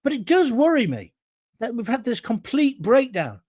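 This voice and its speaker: A man's voice: extremely high pitch, very animated, moderate pace, darkish tone, no echo. A middle-aged man, hosting an opinionated solo talk show monologue in a blunt, combative and indignant way.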